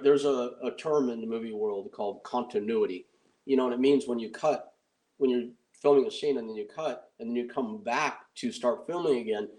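A middle-aged man casually telling a wry, animated anecdote and acting out the voices he quotes. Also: mid-range voice, poor audio. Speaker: storyteller recounting film production.

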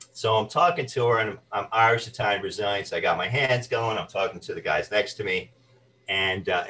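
A man with a low voice recounts his acting career as a guest. He tells stories with energy and briefly puts on the voices of the people he quotes. He sits a little back from the microphone. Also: distant mic, rough recording. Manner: animated anecdotes, acts out quoted voices. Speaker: guest, actor and voice artist. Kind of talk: storytelling interview chat.

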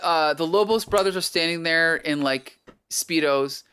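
A man's voice: on the high side, a little slow, sharp tone, clean tone. A man hosting a casual chat recapping a comic book, rambling with many fillers and chuckles. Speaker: podcast host.

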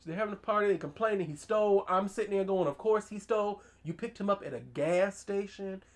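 Woman podcast host, casual movie recap, emphatic and slangy, mid-pitched voice. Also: fast talker. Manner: animated, emphatic storytelling with slang and asides.

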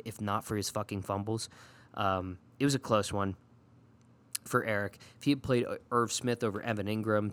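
A man hosting a casual recap of his league's matchups. He talks in an animated, sarcastic way and swears often. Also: lowish voice. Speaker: fantasy league podcast host. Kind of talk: casual profane recap rant.

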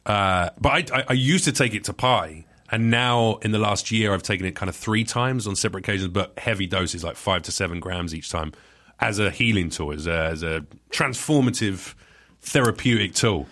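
A man with a somewhat low voice chats as a guest on a talk show. He is brash and jumps in eagerly, and he tosses out crude jokes. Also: moderate pace, a bit bright. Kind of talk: casual chat.

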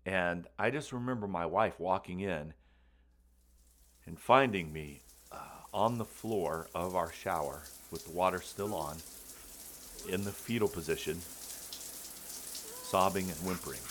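A man telling a comic personal story, animated and playful, acting out the voices of the people in it. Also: low voice, measured pace, long pauses. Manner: animated, acts out voices and screams for comic effect.

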